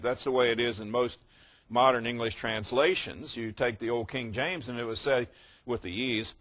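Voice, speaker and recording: A man's voice: mid-range voice, moderate pace, fairly bright tone. An older man preaching a teaching sermon, patiently explaining verb tenses and checking that listeners follow. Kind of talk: sermon teaching on Greek grammar.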